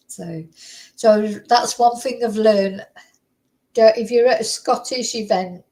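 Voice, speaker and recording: A woman's voice: medium pitch, a little mellow, rough recording. A middle-aged woman with a Mancunian accent tells stories in a loose, chatty way. She wanders between thoughts, leaning on fillers and little laughs. Her voice sits in an ordinary middle range for a woman. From Manchester, England. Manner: rambling, chatty storyteller with frequent fillers and laughs. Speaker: vlogger. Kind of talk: casual chat.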